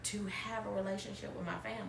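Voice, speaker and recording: A woman from Alabama hosts a podcast, talking candidly through an emotional personal conversation and wavering between tears and laughter. Her medium-pitched voice is steady, creaky, and quick. The mic sits at a distance in an echoey room, with background noise.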